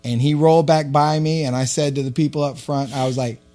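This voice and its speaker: A man, co-hosting a podcast and telling a story in casual chat. He swears freely and gets loud and animated. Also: a little high, a little fast. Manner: profane, animated storyteller who shouts when quoting himself. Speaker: podcast co-host.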